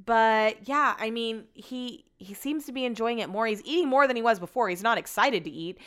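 A woman's voice: fairly high pitch, normal speed, fairly bright tone. A woman hosting a podcast, telling a story in a chatty, sarcastic way and swearing freely. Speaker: podcast host.

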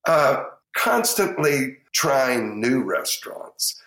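An older man with a Texan accent, a chef telling lively anecdotes in an interview and acting out the people in them. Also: medium pitch, slow pace. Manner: lively anecdotes, acts out quoted voices. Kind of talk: storytelling interview. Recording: echoey room.

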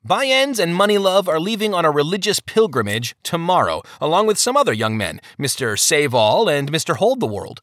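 A man's voice: on the high side, big pitch swings, moderate pace, few pauses, a bit bright, no room sound, studio quality, pitched above the performer's own voice. A man voicing an easygoing village parson who speaks in a genial, indulgent way. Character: worldly, easygoing male parson.

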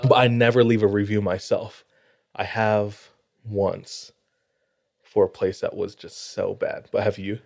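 A man's voice: lowish voice, flat delivery, measured pace, gravelly, a little mellow. A man co-hosting a podcast, telling stories in casual chat and laughing often. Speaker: podcast co-host.

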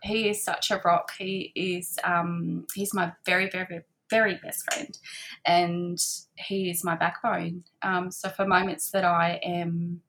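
Gravelly woman, chatty. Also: fairly low pitch, flat delivery, measured pace. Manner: chatty, warm-hearted, many fillers and soft laughs. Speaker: guest, handmade boutique owner. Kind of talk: casual interview chat. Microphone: remote call.

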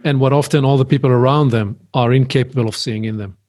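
A man's voice: mid-range voice, steady tone, fast, darkish tone. A man hosting an interview show, welcoming his guest and asking him questions. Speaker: interview host. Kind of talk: conversational interview.

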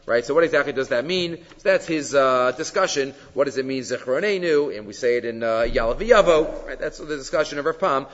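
A man teaching a Torah class, animated and asking rhetorical questions, with Hebrew terms woven in. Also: medium pitch, brisk, hardly any pauses. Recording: dull sound with long hall reverb.

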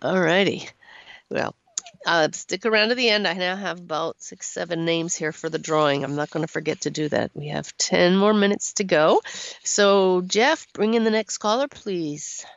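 A middle-aged woman hosting a call-in radio show, encouraging and quick to laugh. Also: fairly low pitch, gravelly, dry recording, highs cut off. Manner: warm-voiced, encouraging, laughs often. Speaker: radio show host and channeler. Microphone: studio microphone.

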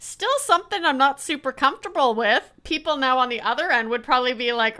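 Bright, crisp-voiced woman host, animated. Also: high-pitched, moderate pace. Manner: animated, acts out quoted voices. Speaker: podcast host and coach. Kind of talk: casual interview chat.

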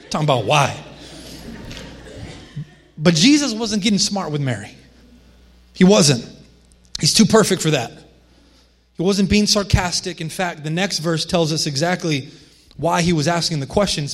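A man preaching a sermon as a pastor, in a conversational manner with frequent restarts and asides. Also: fairly high pitch.

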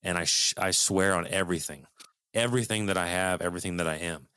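Middle-aged man, low smooth voice, dry close recording, earnest storyteller who swears freely. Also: fast talker, pushed and bright, no echo. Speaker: guest telling a personal story. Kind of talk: casual storytelling.

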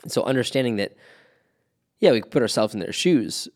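A man's voice: mid-range voice, expressive, brisk, darkish tone. A man who works in movement therapy, explaining an assessment framework in a methodical, step-by-step way. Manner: methodical, lists terms step by step. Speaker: movement practitioner. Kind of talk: conversational explanation.

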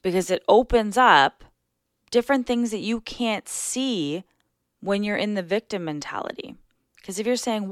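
A woman's voice: mid-range voice, animated, moderate pace, dry recording. Earnest woman podcaster, dry close sound. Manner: earnest, reflective, coaching listeners. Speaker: podcast host. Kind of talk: casual solo podcast talk.

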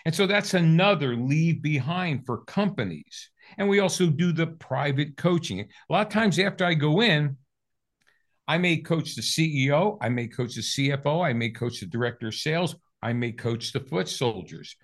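An older man with a slightly high voice tells a sales story as a guest. He acts out every line of dialogue with energy, and his pitch jumps up and down. The sound is clear and close, like a podcast interview. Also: normal speed. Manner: lively storyteller, acts out both sides of dialogue.

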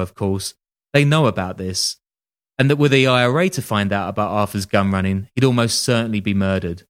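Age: adult. Sex: man. Style: wry casual true-crime storytelling. Pitch: lowish. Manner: wry, joking asides, swears casually. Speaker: podcast host.

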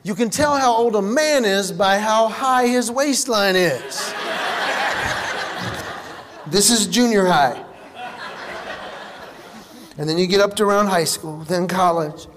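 Stand-up comic, high voice, lively storyteller who acts out other people's lines, live hall sound. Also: male voice, slow, long pauses, noisy background. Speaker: comedian. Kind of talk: stand-up comedy.

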